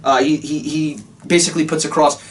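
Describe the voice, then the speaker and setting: A man reviewing old wrestling shows in a casual, sarcastic rant, swearing often and jumping into high mocking quotes. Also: fairly quick, far from the mic, a little hiss or hum. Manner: animated, sarcastic, profane, jumps to high squeaky quotes.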